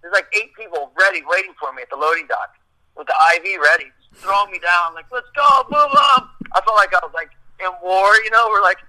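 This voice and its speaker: A middle-aged man with a high, piercingly bright voice tells a long story in casual chat. He rambles, swears freely and acts out the lines of the people in it. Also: quick pace, low-quality recording. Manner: profane, rambling, acts out quotes. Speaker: guest telling a story.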